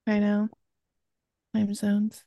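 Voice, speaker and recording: A woman's voice: medium pitch, monotone, drawn-out words, dark tone, dry recording, muffled recording. A woman who grew up in Georgia and southern Maryland, co-hosting a podcast with playful, joking banter. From Georgia and southern Maryland, USA. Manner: playful, jokey, presents the research. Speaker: podcast co-host. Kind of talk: casual chat.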